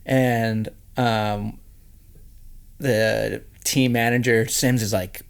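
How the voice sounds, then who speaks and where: A man from Canada, a podcast guest telling stories in casual chat, animated and laughing often. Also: on the low side, very slow, vocal fry, clear, resonant tone. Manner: animated storyteller who laughs often and puts on quoted voices.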